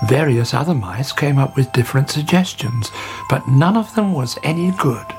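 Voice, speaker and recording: A woman narrating a children's storybook in an expressive, gently paced way. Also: rumbling low, moderate pace. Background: music.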